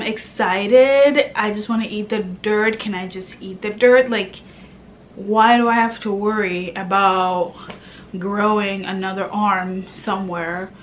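A pregnant woman from Kenya vlogging in a chatty, animated way, now and then dropping to a hushed murmur. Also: medium pitch, slight background noise. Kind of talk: casual chat to camera.

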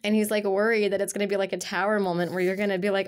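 A woman's voice: medium pitch, level tone, racing, few pauses. A woman giving a casual tarot reading to her viewers, talking in a rambling, chatty way full of fillers. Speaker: tarot reader.

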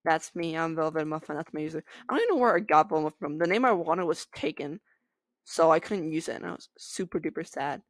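A woman's voice: deep voice, animated, quick pace, no echo. A young woman giving casual, giggly commentary as she plays an online game, chatting to her viewers. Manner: giggly, bubbly, talks to viewers. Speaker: gaming video creator.

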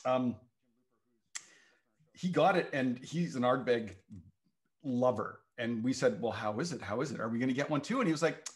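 A man's voice: medium pitch, animated, normal speed, pauses often. Chatty male host of a tasting show. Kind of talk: casual chat.

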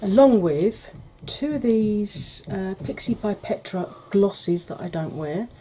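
Mellow, soft-spoken chatty woman. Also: medium pitch, lively intonation, slow, a little hiss or hum, rough recording. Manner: chatty, rambling, self-deprecating; soft, quiet delivery. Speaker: beauty channel host. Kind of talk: casual makeup declutter chat.

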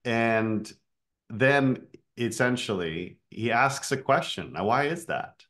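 A man's voice: mid-range voice, expressive, slow, a bit bright. A man coaching speakers in a casual online session, explaining with filler words.

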